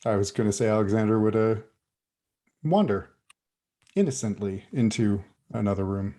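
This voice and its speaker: A man's voice: on the low side, normal speed, mellow. A man playing a character in a tabletop role-playing game, trading dry in-character quips. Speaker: player.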